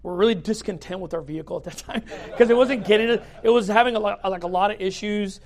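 A pastor with a high, fast voice tells his personal story casually. He's chatty, fills it with "like," acts out quoted speech, and laughs through parts of it.

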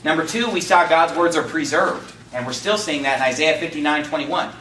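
A man preaching a sermon in a church, reading scripture slowly and pressing hard on key words. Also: fairly high pitch, pushed and bright, slight background noise. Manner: preaching, fervent emphasis, reads scripture slowly. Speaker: pastor. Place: church sanctuary. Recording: echoey church room, mic at a distance.

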